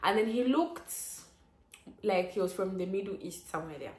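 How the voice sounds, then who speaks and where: A woman's voice: mid-range voice, moderate pace. Young woman, story-time vlogger, chatty and exclaiming, roomy echo. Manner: chatty, lively, many "like" fillers and sudden exclamations. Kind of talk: casual storytelling.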